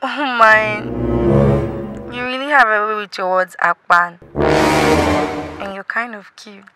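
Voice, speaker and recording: A woman acting in a comedy sketch, soft-spoken and flirty. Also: medium pitch, a little slow. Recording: loud music under the dialogue.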